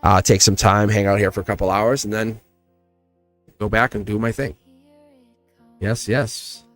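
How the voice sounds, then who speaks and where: A man's voice: on the low side, steady tone, brisk, fairly bright tone, soft background music. A man with a Southern accent, reading tarot on a casual livestream and talking straight to his viewers, laughing often. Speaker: tarot reader.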